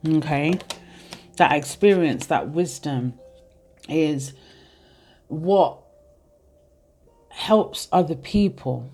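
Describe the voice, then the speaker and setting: Mellow-voiced tarot reader in their thirties. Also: medium pitch, very slow, pauses often, faint music behind. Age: 30s. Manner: rambling, heartfelt, speaks straight to viewers. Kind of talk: casual tarot reading for viewers.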